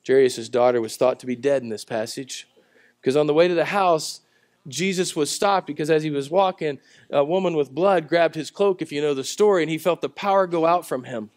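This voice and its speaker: A man preaching a sermon at a church service, telling the story in a conversational way and swinging between loud, emphatic lines and quiet ones. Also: medium pitch, normal speed, no echo. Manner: conversational storytelling with acted-out voices. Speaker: pastor.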